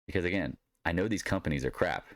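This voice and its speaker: Blunt, sarcastic deep-voiced man. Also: fast, fairly bright tone, no echo. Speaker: market commentator. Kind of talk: solo market recap commentary.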